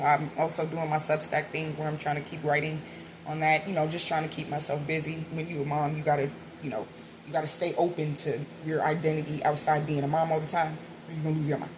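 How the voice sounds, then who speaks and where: A woman's voice: low-pitched, level tone, brisk, background noise. A woman hosting a spiritual video, talking candidly and rambling to her viewers in a casual way, swearing now and then. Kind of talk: casual spiritual talk to camera.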